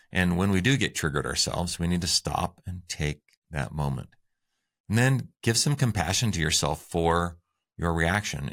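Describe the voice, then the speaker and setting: A man's voice: low voice, a bit bright. A man co-hosting a relationship advice talk show, upbeat and conversational as he shares tips. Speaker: co-host.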